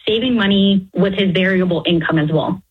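Husky woman calling in on a dull line. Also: medium pitch, fairly quick. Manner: friendly, a little hesitant. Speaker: caller. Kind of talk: phone-in question.

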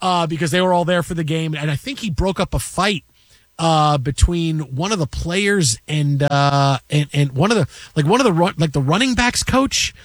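A man hosting a sports radio show, telling animated stories and acting out voices. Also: fairly high pitch, normal speed, no room sound. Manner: excitable, acts out voices in anecdotes. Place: radio studio. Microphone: studio microphone.

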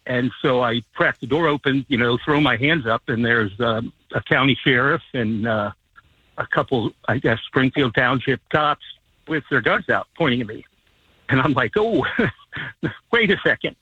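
A man's voice: mid-range voice, measured pace, sharp tone, breathy edge, dry recording. A man calling in to a radio show, telling a story in an easygoing way with plenty of fillers. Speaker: caller. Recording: tinny phone line.

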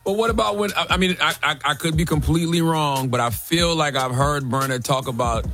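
A man's voice: a little high, brisk, gravelly, bright, forceful tone, faint music behind. A man hosting a morning radio call-in segment, playful and bantering with callers. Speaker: radio host.

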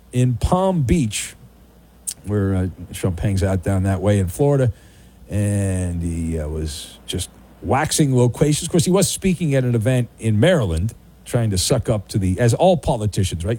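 A man hosting a sports radio show, his voice a touch higher than most and swinging up and down a lot as he talks. He teases callers and riffs on the news in a loose, animated way. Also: no room sound. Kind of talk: casual sports radio chat.

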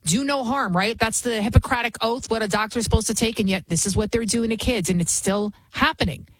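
A woman's voice: fairly high pitch, fairly quick, dry recording, low-quality recording. A woman hosting a political commentary show, talking fervently and emphatically, often restarting her sentences. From United States.

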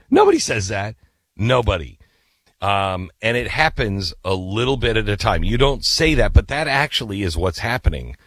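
A man hosting a talk radio show, chatting in a halting, emphatic way, pausing with ums and sighs. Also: fairly low pitch, huge pitch swings, fairly bright tone, no echo. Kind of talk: conversational talk radio with live ad read.

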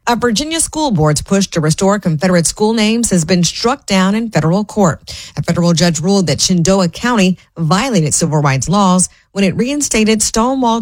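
A woman anchoring a radio newscast, reading scripted stories in a steady, measured way. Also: on the low side, dry recording. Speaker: news anchor. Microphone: studio microphone.

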